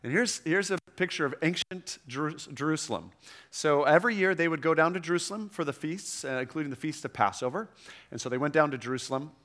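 A man's voice: fairly high pitch, lively intonation, fast, a bit bright. A middle-aged man preaching a sermon to a room, conversational, with frequent asides and restarts. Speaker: pastor.

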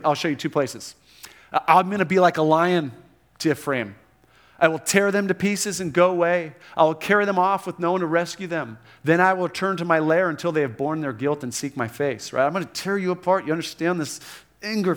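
A man preaching a sermon in a conversational way, quoting scripture with animated emphasis and frequent restarts. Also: a little high. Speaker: pastor.

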